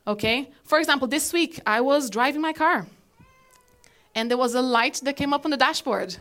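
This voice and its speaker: Woman, pastor, sermon, slightly high voice, conversational and animated, church congregation. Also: normal speed. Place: church hall, live congregation.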